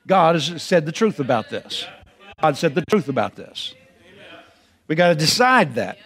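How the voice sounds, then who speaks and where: A man preaching with a high voice. He talks in a folksy, repeating style and climbs toward ringing, shouted emphasis. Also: very animated, normal speed. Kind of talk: sermon.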